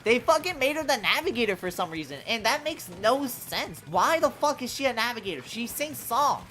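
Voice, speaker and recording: A young woman streams a game live, ranting casually and profanely about the characters and saying "bro" a lot. She's animated, with a fairly high, fairly quick voice.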